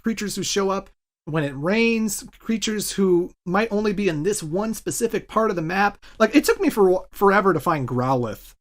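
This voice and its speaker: A man's voice: sits high, lively intonation, normal speed. A man in his thirties co-hosting a podcast, chatting casually and eagerly about video games. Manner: enthusiastic, rambling gamer talk. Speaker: podcast co-host. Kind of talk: casual chat.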